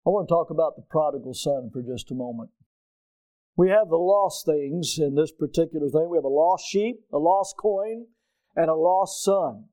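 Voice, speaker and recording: A middle-aged male pastor preaching a sermon, emphatic and questioning his listeners, rising loud on key points. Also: fairly high pitch, moderate pace, no echo.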